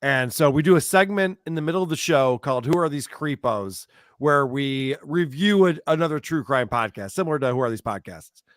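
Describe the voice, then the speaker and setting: A man talking as a podcast guest in casual chat, telling stories in an animated, sarcastic way. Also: on the high side, brisk, no echo, studio quality.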